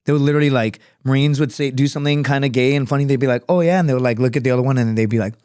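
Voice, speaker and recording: A man in his thirties tells stories in a loose, rambling way, full of swearing and sudden tangents. His voice sits at an ordinary middle pitch. The sound is close and dry, with no room behind it. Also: steady tone, racing, a little mellow, clean tone, no room sound. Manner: rambling, profane, jumps between stories. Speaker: podcast guest, former Marine scout sniper and comedian. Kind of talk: casual storytelling chat.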